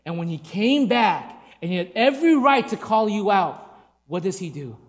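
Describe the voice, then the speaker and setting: Preacher giving a sermon, pitch jumping all over, big echoey church room. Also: very animated, moderate pace. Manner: emphatic, with rhetorical questions to the congregation. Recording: long hall reverb.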